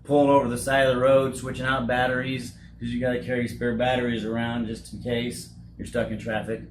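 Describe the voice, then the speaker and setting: A man in his forties, owner of a roofing company, speaking candidly in an interview, halting and repeating words as he talks. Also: mid-range voice, little pitch movement. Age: 40s. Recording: echoey room with noise.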